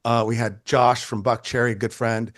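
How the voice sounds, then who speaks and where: A man in his sixties, a photographer telling stories in a casual interview, animated and chatty, often restarting his sentences and swearing freely. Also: mid-range voice, moderate pace, dry recording, studio quality. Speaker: photographer guest.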